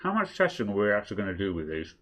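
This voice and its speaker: A man's voice: on the low side, huge pitch swings, rapid-fire, a bit bright. A man co-hosting a casual tech stream, chatting and rambling while testing hardware, often correcting himself and laughing easily. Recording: faint crackling noise.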